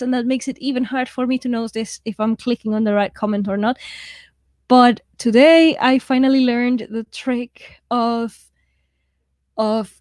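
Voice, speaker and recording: A woman with a fairly high, slightly mellow voice hosts a live writing write-in stream in a dry recording. Speaking with a mixed, shifting accent, she's casual and self-deprecating, frequently laughing and reading viewer comments aloud.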